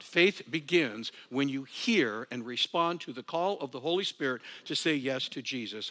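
A mid-range male voice preaches a sermon. The pastor is animated, softening for asides, rising for emphasis, and laughing at himself from time to time.

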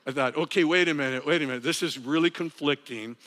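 Preaching from the pulpit, this man speaks fast in a fairly high voice. He's lively throughout, alternating soft side remarks with booming emphasis and occasionally chuckling at his own expense.

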